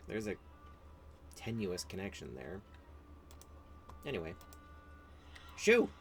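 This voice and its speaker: A man's voice: mid-range voice, big pitch swings, takes it slowly, faint music behind. A man streaming a video game, giving sarcastic commentary, swearing and laughing often. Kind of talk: gameplay commentary.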